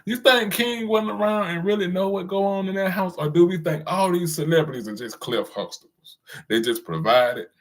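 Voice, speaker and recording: Slangy man ranting, fairly high voice. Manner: loose slangy talk, chuckles at his own jokes. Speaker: commentator hosting his own channel. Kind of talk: casual commentary rant.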